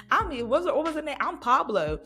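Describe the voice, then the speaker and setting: In a casual, nostalgic podcast chat, a woman in her thirties hosts with a high-pitched, sing-song voice that sounds fairly bright and moves at normal speed. Faint music plays behind her as she laughs and often slips into playful voices.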